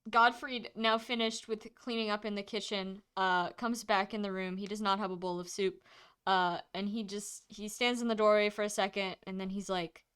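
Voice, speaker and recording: Bright, clear-voiced woman game master. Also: mid-range voice, fairly even intonation, moderate pace. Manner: laughs often, chatty with fillers. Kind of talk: narrating a tabletop game.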